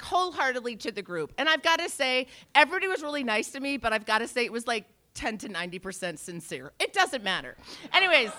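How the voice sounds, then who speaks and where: A woman in her forties telling a brash, profane stand-up story, swinging from low mutters to shouts. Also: a little hiss or hum. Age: 40s. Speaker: stand-up comedian.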